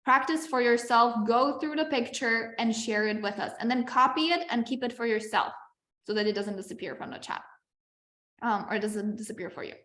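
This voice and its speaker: A woman with a fairly high voice leads a live online masterclass as a business coach. She speaks in a chatty, encouraging way and often checks in with her class. Her video-call audio has a roomy echo. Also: moderate pace, fairly bright tone. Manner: chatty and encouraging, with frequent "like" and "okay".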